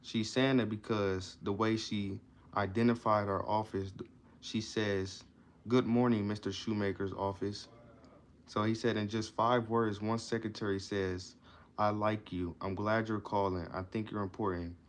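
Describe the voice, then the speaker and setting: A man with a lowish, unhurried voice and little pitch movement reads passages aloud from a self-help book. He then explains them in loose, casual slang asides, often repeating and restarting himself.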